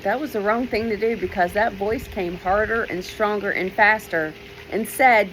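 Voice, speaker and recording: A woman's voice: mid-range voice, fairly bright tone, a little hiss or hum, low-quality recording. A woman, an author, telling a personal story from her childhood and acting out the voices she quotes. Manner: unhurried, starts many sentences with "well", acts out quoted voices.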